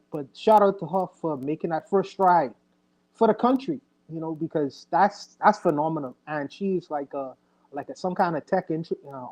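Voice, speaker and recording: A man's voice: on the high side, a little mellow, rough recording. A man chats casually on a podcast livestream. He rambles in an earnest way and keeps stopping to correct himself.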